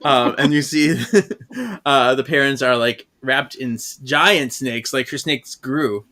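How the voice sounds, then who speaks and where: A man's voice: mid-range voice, slow pace, pushed and bright. A man co-hosting a podcast, recapping a comic in casual chat and laughing often. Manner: laughs often, hesitant fillers. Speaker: podcast co-host.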